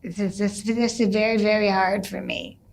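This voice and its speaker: A woman's voice: medium pitch, steady tone, normal speed, close to an everyday voice. A woman telling of a pleading, distressed boy. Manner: pleading and faltering. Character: distressed young boy on his fast.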